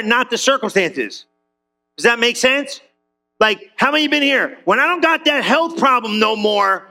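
A man preaching an energetic sermon, conversational and full of slang, acting out quick voices, swinging between loud bursts and low drawn-out lines, and asking the congregation questions. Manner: casual slang, asks the room questions. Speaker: pastor.

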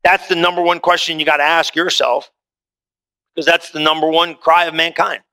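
Bright-voiced preacher man, lively delivery. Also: moderate pace, smooth. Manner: conversational preaching, wide swings in pitch and pace. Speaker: pastor. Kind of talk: sermon. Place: church hall before a congregation.

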